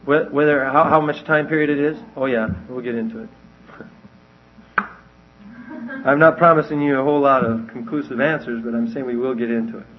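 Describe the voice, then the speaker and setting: A man's voice: medium pitch, fairly even intonation, brisk, pauses often. A man teaching verse by verse from the Bible in a conversational way, often asking his listeners questions. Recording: dull lo-fi recording.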